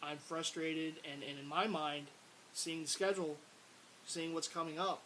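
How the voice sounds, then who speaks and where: A man's voice: on the high side, steady tone, normal speed, bright, forceful tone, rough recording. A man ranting about his team in a casual video, frustrated and rambling, repeating words and breaking into exasperated outbursts. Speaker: sports fan vlogger. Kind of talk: casual sports rant to camera. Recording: faint hiss.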